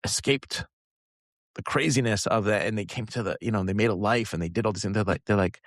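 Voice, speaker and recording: A man's voice: fairly low pitch, a little fast, dry recording, clean studio sound. A man who is a guest on a podcast, talking casually in a rambling way, laughing often. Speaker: guest, habit coach. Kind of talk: casual conversation.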